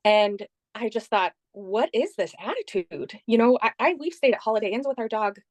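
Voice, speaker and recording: A woman being interviewed, telling the story of a trip in a lively conversational way and quoting what others said. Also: fairly high pitch, normal speed, dry recording. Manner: animated retelling, quoting others.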